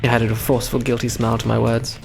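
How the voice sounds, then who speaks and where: A man's voice: medium pitch, little pitch movement, quick pace, vocal fry, soft background music. A young man live-streaming a visual novel, reading the text aloud and breaking off into chatty, profane commentary.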